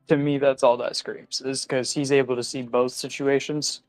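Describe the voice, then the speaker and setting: A man player chatting at the table of a tabletop game, excited and animated. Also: mid-range voice, normal speed, faint music behind. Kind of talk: casual table talk.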